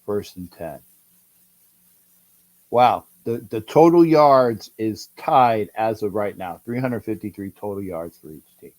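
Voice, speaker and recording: A middle-aged man hosting a livestream, calling a football game and answering chat, excitable and repeating himself as he urges his team on. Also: fairly low pitch, measured pace. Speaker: livestream host. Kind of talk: live game-watch commentary with chat.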